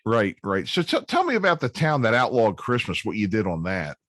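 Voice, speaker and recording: A man's voice: on the low side, huge pitch swings, brisk, a bit bright, no echo, studio quality. A man in his fifties hosting a casual interview, easygoing and rambling with many fillers. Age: 50s. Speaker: podcast host.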